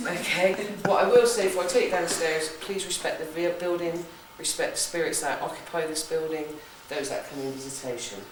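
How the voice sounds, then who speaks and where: Speaking quickly in a low voice and barely pausing, this psychic ghost-hunt host with a West Country accent jokes and chats as she briefs her group, asking "okay?" as she goes. A camera far off picks her up in a big echoing room inside an old building, with background noise.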